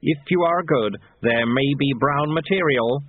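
A man reading an audiobook, voicing a rigid, menacing leader who shouts orders. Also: fairly high pitch, lively intonation, measured pace, husky, voice pushed up. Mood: commanding. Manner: shouting commands. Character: menacing rigid male leader, Mister White. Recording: tinny lo-fi phone-like audio.

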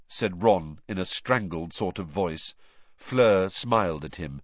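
A man narrating an audiobook in an expressive, animated reading. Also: low voice, slow, no room sound, highs cut off.

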